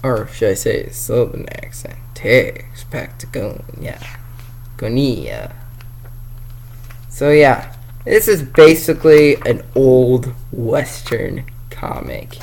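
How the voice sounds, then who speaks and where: Jokey guy rambling thru his comic haul, slow drawn-out talk, gets worked up easy. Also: mid-range voice, wildly swooping pitch, creaky, darkish tone, low-quality recording. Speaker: comic book vlogger. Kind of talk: casual review chat.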